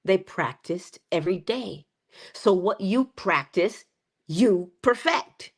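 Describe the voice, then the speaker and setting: A woman's voice: mid-range voice, expressive, slow. A woman hosting a live-streamed inspirational talk, speaking in a preacherly way, greeting viewers by name, her voice congested. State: congested, coughing.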